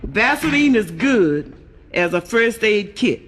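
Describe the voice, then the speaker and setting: A woman's voice: mid-range voice, sing-song, takes it slowly, loud music behind the voice. A woman telling raunchy stand-up jokes on a live stage, brash and cussing. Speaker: stand-up comedian.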